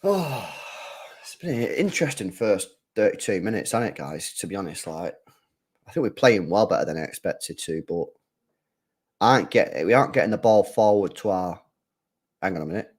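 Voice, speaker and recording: A young man giving live, slangy reaction commentary on a football match. He drifts between low mumbling and loud, sweary outbursts. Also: animated, moderate pace, breathy edge. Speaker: football watchalong streamer.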